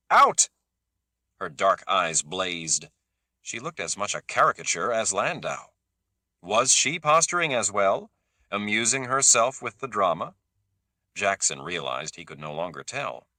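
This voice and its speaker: Man reading fiction, expressive, low voice with a bright edge. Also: dry recording, clean studio sound. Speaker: narrator. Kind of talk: audiobook narration.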